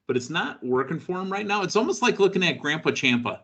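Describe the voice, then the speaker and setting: A man hosts a casual wrestling podcast. His voice is bright and forward, and he talks in a loose, joking way with plenty of fillers. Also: on the high side, sing-song, fast, slightly rough. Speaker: podcast host.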